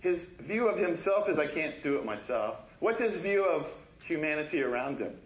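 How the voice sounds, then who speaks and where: A man preaching a sermon in a conversational, animated way, acting out quoted voices and laughing often. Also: a little high, normal speed, roomy sound, low-quality recording. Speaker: pastor. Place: church sanctuary.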